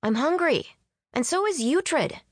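A lively young woman who teases her friend , voiced by a woman reading aloud. Her voice sits up high and playful against the narration. The sound is dry and close, with no room at all. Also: moderate pace, dry recording, natural voice. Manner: playful, bright and raised. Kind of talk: audiobook character voice.

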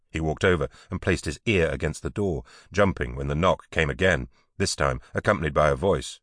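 A man narrating an unabridged audiobook in a measured, clear storytelling manner. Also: rumbling low, a bit bright, dry recording, studio quality. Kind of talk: scripted narration.

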